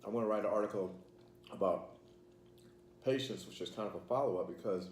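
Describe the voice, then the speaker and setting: A man's voice: lowish voice, fairly quick, darkish tone. A man hosting a casual vlog, rambling with many fillers while he eats his meal. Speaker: channel host. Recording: echoey room, faint background noise.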